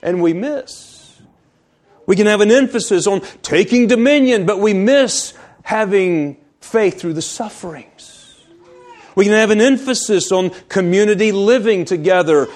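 A man delivering a sermon in a high-pitched voice. He hammers his points through repetition and draws out the key phrases. At times he sinks almost to a whisper to stress a word. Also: unhurried, darkish tone. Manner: emphatic, repetitive, drops to near-whisper for stress. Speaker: preacher.

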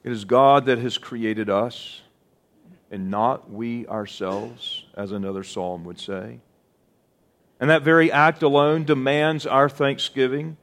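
Slow, deliberate preaching man. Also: mid-range voice, a bit bright. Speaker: pastor. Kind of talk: sermon.

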